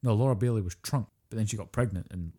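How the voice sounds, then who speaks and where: Fast-talking man, mellow low voice. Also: slightly rough. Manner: rambling, blunt, swears freely. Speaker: podcast co-host. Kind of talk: casual chat.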